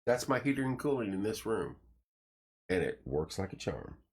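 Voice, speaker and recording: Folksy man with a lively up-and-down voice. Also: on the low side, normal speed, slight background noise. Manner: folksy, joking, greets viewers by name. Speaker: host of a morning live stream. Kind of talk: casual live-stream chat reading viewer comments and sponsor plugs. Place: small home studio room.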